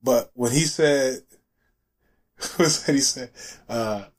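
A man's voice: medium pitch, takes it slowly. A man in casual conversation, telling stories with lots of slang and profanity. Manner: profane, animated storytelling with slang. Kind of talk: casual chat.

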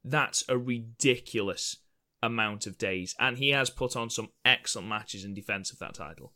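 A man's voice: fairly low pitch, normal speed, bright, forceful tone. A man co-hosting a wrestling review podcast, chatty and jokey, swearing casually. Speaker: podcast co-host.

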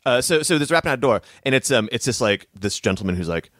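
Man, mid-pitched voice, rambling improv storyteller, dry sound. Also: expressive, fast, fairly bright tone, no room sound. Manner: rambling, with many fillers.

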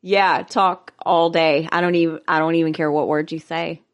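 A woman's voice: low-pitched, steady tone, normal speed. A woman co-hosting a podcast in casual, playful banter, often giggling. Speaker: podcast co-host. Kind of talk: casual chat.

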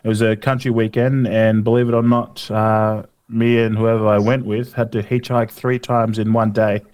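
A man's voice: fairly low pitch, flat delivery, normal speed, darkish tone, clean tone. A young Australian man co-hosting a podcast, telling a rambling, laughing anecdote in casual chat. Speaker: podcast co-host.

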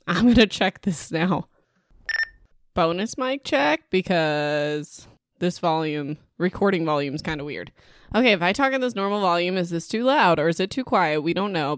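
A woman's voice: lowish voice, no room sound, clean studio sound. A young woman hosting a book podcast at home, chatting casually and rambling in a self-deprecating way. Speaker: podcast host.

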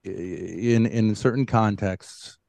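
A man on a debate panel, talking haltingly with many stops and restarts as he argues. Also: fairly low pitch, creaky, darkish tone, no room sound. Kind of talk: heated debate.

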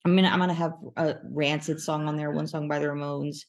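A woman's voice: sits low, fairly even intonation, brisk. A woman musician guest on a podcast, chatting casually and laughing often. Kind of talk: casual chat.

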